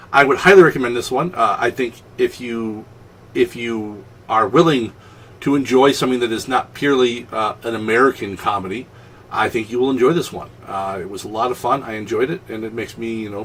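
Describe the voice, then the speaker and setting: A man's voice: mid-range voice, fairly bright tone, recorded from a distance, slight background noise. A man hosting a casual solo film review, rambling with many ums and restarts.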